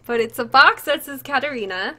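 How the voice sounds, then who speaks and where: A woman's voice: high-pitched, sharp tone. A woman streaming live to her viewers, gushing and tearful as she opens a gift, exclaiming often. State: tearful, close to crying.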